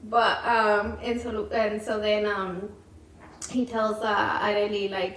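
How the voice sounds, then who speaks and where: A woman's voice: medium pitch, flat delivery, slow pace, a bit bright. A young woman, a mother and co-host, telling family stories in a casual chat, full of "like"s and quoting her kids. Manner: chatty storytelling, many "like"s, quoting her kids. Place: home. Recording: echoey room, mic at a distance, faint noise.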